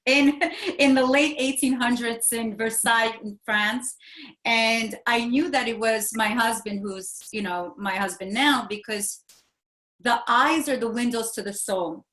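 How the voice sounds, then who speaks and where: This fortysomething woman, speaking unhurriedly in a fairly high, fairly bright voice, is a guest being interviewed. She shares something personal in an earnest, meandering way, often restarting and leaning on fillers, and the room echoes.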